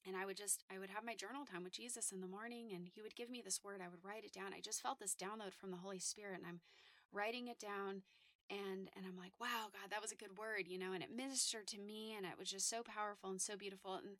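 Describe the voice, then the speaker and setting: A woman's voice: medium pitch, steady tone, quick pace, a bit bright, no echo. A woman hosting a faith podcast, giving her testimony and urging listeners in an earnest, emphatic way with repeated phrases. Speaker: podcast host sharing testimony.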